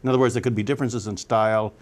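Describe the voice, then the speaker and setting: A man's voice: lowish voice, steady tone, rapid-fire. A man hosting a policy interview, asking long questions and often adding short agreeing sounds. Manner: frequent brief backchannel agreement. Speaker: interview host.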